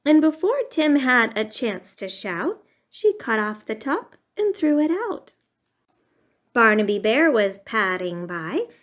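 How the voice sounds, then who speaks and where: A woman's voice: on the high side, big pitch swings, slow. A woman reading a rhyming bedtime storybook aloud in a sing-song way.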